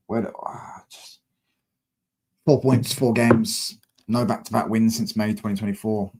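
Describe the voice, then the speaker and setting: Young guy live streaming, husky low voice, fed up and swearing at his desk mic. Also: a little mellow. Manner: frustrated, slangy, swears often. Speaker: football fan streamer. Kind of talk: live-stream fan rant.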